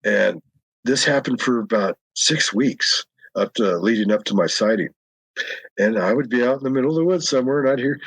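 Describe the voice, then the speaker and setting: A middle-aged guest with a mid-range voice and lively intonation tells long, meandering encounter stories at a moderate pace, often laughing as he goes. The recording is dry and rough.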